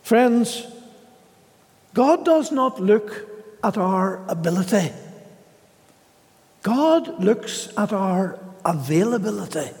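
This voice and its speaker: A man preaching a sermon in a slow, measured way, pausing often and voicing the scripture quotes he reads. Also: high voice, sing-song, darkish tone, long reverb tail.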